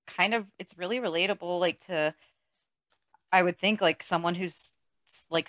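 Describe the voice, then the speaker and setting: A woman's voice: fairly low pitch, no room sound, clean studio sound. A woman hosting a podcast, chatting casually about a movie, laughing often and peppering her talk with "like.". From outside the US. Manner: laughs often, animated, says "like" a lot. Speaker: podcast host. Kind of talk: casual movie review chat.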